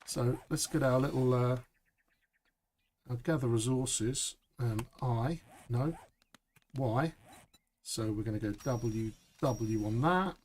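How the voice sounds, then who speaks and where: A man talks through a survival game live, chatty and upbeat. He speaks slowly, at an ordinary pitch. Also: darkish tone, a little hiss or hum. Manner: chatty, upbeat, says "boom" a lot. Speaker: game streamer. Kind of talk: live gameplay commentary.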